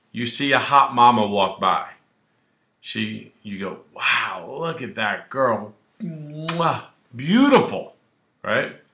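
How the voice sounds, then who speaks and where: A man who is a criminal defense attorney, explaining the law straight to camera in a brash, animated way and acting out little scenes. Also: fairly low pitch, echoey room. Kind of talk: direct-to-camera legal explainer.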